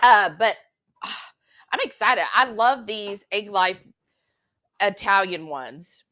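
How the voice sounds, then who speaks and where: A woman co-hosting a cooking livestream from a home kitchen, chatty and excitable, bantering as she cooks. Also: medium pitch, slow, highs cut off. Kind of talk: casual livestream cooking chat.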